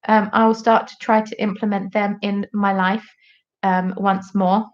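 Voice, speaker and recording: A chatty British woman hosting a live stream, rambling from one joke to the next in a casual way. Her voice sits in an ordinary middle pitch. The audio is a little dull and lo-fi. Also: flat delivery, a little slow. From United Kingdom.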